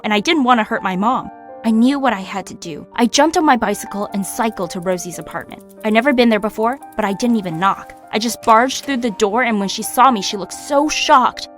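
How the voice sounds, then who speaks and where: A young woman narrating her own story in the first person, emotional and confiding. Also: on the high side.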